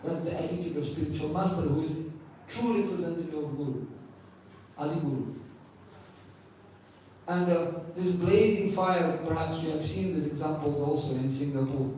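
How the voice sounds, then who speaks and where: A man's voice: fairly high pitch, normal speed, pauses often, warm tone, slight background noise. A man giving a scripture class as a spiritual teacher, emphatic and repeating key phrases, asking and answering his own questions. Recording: echoey hall from far off.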